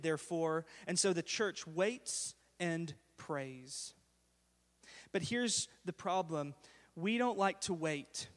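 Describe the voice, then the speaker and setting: A man preaching a sermon, telling a story that builds to loud, animated exclamations. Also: sits high, long reverb tail. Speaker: pastor.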